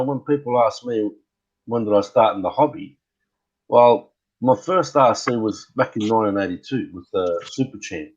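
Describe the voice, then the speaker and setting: A man's voice: mid-range voice, a little mellow, husky, lo-fi sound. A middle-aged man chatting casually as a guest on a live stream, rambling and hesitant with many fillers. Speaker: guest RC hobbyist.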